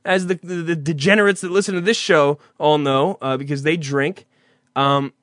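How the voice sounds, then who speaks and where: Guy hosting a podcast, high bright voice, dead dry mic, swears a lot and ribs his buddy. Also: fairly even intonation, normal speed, no echo. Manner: teasing storyteller, loud impressions of his cohost. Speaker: podcast host. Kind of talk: casual profane banter.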